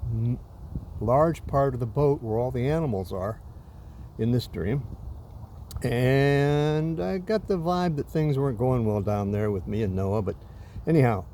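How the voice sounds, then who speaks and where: A man's voice: mid-range voice, mellow, a little hiss or hum. A man casually recounting a dream in a rambling, self-deprecating way. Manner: rambling, self-deprecating, with many fillers and restarts.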